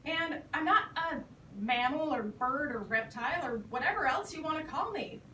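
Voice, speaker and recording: A woman performing on stage, voicing a blunt, unimpressed platypus that talks flatly. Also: high voice, moderate pace, slight background noise, pitched above the performer's own voice. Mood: firm. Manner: flat, deadpan, exasperated. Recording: echoey stage from far off.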